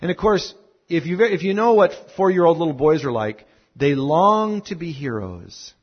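Husky-voiced man preaching a story-filled sermon. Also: a little high, moderate pace, dull audio. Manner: animated storyteller who drops to a hushed tone. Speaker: pastor.

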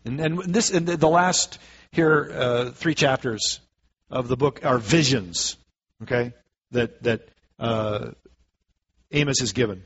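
A man's voice: medium pitch, takes it slowly, pauses often, breathy edge, lo-fi sound. A man preaching a sermon, reading scripture aloud and then explaining it in casual everyday words. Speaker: pastor.

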